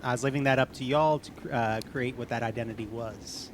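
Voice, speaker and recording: A man's voice: mid-range voice, fairly even intonation, brisk, background noise. A man running a tabletop game, chatting in an easygoing, rambling way. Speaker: game master. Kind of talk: casual tabletop game chat.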